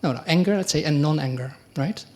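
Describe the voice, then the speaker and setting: A middle-aged man, a monk giving a conversational dharma talk, often asking the audience questions and acting out quoted exchanges. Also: brisk. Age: middle-aged or older. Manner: acts out quoted exchanges with lively pitch jumps. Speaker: Buddhist monk teacher.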